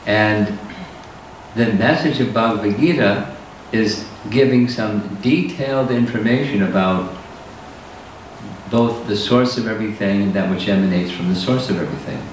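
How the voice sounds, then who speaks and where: A man with a somewhat low voice teaches scripture slowly and deliberately, pausing often between phrases. He sounds far from the microphone, in a strongly echoing hall with a faint hiss behind him. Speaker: spiritual teacher. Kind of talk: scripture lecture.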